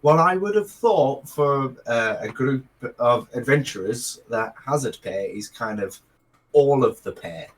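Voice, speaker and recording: A man's voice: medium pitch, expressive, unhurried, slight background noise, poor audio. Hesitant man running a tabletop game. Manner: hesitant, many fillers and restarts. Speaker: game master. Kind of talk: narrating a tabletop game and voicing a mage.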